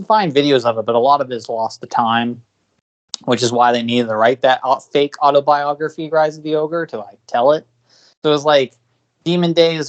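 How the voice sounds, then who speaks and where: A man's voice: medium pitch, highs cut off. Give me a man co-hosting a podcast, talking in long rambling runs full of fillers. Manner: rambling, filler-heavy, frequent restarts. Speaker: podcast co-host. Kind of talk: casual podcast discussion.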